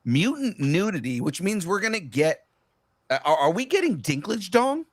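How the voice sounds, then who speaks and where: A man hosting a casual podcast chat and reading news items, animated and laughing, stumbling on fillers. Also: high-pitched, moderate pace, dry recording, clean studio sound. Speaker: podcast host.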